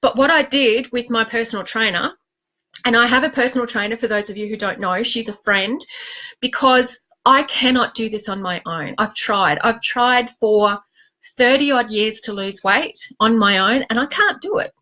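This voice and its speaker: A woman's voice: fairly high pitch, normal speed, poor audio. An Australian woman in her late forties, a life coach talking candidly and animatedly to camera in a vlog, mocking herself as she goes. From Queensland, Australia. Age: 40s. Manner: animated, confiding, self-mocking.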